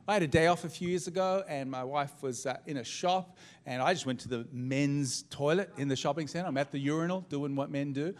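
A middle-aged man preaching a sermon as pastor, telling humorous stories with lively swings in his voice. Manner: humorous storytelling, animated pitch swings.

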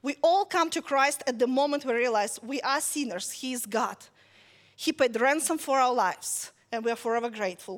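A woman with a high voice preaches in a relaxed, conversational way. She tells a story with lively asides and keeps checking in with her listeners. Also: normal speed. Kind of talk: conversational sermon.

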